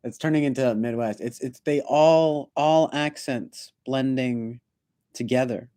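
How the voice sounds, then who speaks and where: A man's voice: medium pitch, measured pace, mellow. A man from the United States streaming, chatting casually with rambling, laid-back, mumbled asides.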